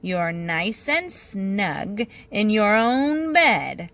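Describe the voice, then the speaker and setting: A woman voicing a sleepy, gruff older mouse who talks slowly, weary but patient, in a storybook. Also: medium pitch, very animated, a bit bright, heavily acted.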